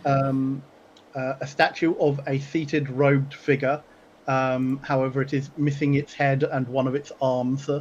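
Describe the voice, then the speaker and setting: A man narrating as game master for a tabletop game, halting and full of fillers. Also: medium pitch, level tone, a little mellow, dull audio, a little hiss or hum.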